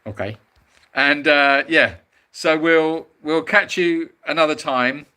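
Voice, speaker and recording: Chatty bright-voiced man hosting a live stream. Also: on the high side, slow pace, smooth. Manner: chatty, rambling, reads viewer comments aloud. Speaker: animal sanctuary host reading live comments. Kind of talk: casual live-stream chat. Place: at home, moving about the house.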